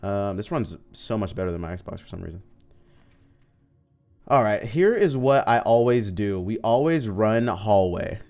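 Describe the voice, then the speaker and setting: A man's voice: lowish voice, expressive, measured pace, creaky, darkish tone. A man streaming a video game, chatting casually and joking with his viewers as he plays. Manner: chatty and joking, talks to chat while playing. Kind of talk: casual livestream gameplay chat. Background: faint game music.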